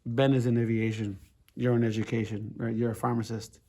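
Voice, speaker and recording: A man's voice: mid-range voice, flat delivery, a little fast, warm tone. A middle-aged American rabbi teaching a casual class, talking loosely, restarting his sentences and checking in with the room. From United States. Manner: conversational, repeats words and restarts, asks the room "right?".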